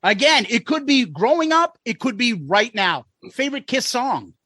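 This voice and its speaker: A man co-hosting a podcast, chatting loosely and cracking jokes with the odd curse. His voice sits high and bounces around a lot. It sounds bright and close, with a dry sound. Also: very animated, moderate pace, dry recording. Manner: loose and jokey, swears freely. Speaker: podcast co-host. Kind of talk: casual chat.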